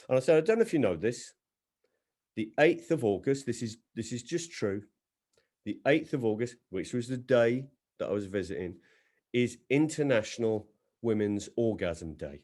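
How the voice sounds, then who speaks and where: A man doing stand-up storytelling on a video call, swinging between loud acted quotes and low, dry asides. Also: expressive, a little fast. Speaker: stand-up comedian. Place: home setup on a video call.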